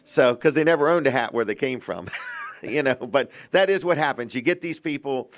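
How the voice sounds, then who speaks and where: A man's voice: mid-range voice, lively intonation, normal speed. A middle-aged man hosting a local TV talk show, chatting in a folksy, earnest way with many restarts.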